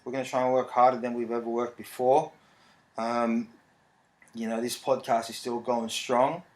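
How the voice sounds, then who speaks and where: Brief: man, 30s, podcast host, rambling and relaxed, mid pitch, echoey room. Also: moderate pace. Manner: rambling, relaxed, frequent fillers. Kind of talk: casual solo podcast talk. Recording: roomy echo.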